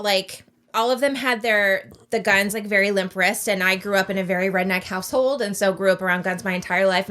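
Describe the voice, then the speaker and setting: A woman's voice: mid-range voice, fairly bright tone. A woman co-hosting a TV reaction video, telling a long personal story in a loose, chatty way, full of "like" and little laughs. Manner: chatty, filler-heavy, frequent "like". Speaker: co-host of a TV reaction channel.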